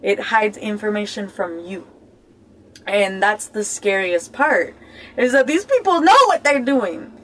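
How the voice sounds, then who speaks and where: A woman's voice: mid-range voice, animated, unhurried, fairly bright tone, rough recording. Blunt, joking woman giving life advice. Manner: blunt, swears freely, keeps checking in with "okay?"; laughs often and jokes between points. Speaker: self-help vlogger. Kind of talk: casual motivational talk.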